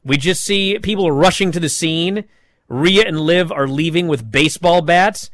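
A man hosting a wrestling talk show, recapping matches in casual chat with animated, mocking outbursts. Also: fairly high pitch, moderate pace, dry recording. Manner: animated, mocking, jumps to shouting. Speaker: wrestling podcast host.

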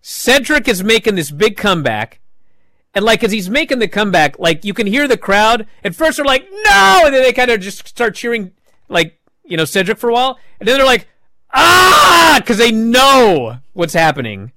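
Man, wrestling show host, casual recap, lively pitch, bright tone, dry close mic. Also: normal speed, dry recording. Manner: animated, mocking, jumps to shouting.

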